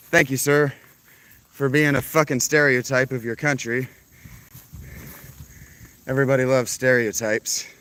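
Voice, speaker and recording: A man's voice: medium pitch, pushed and bright, smooth. Man, live streamer, outdoors, casual chat, profane, rambling. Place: outdoors at a tent campsite.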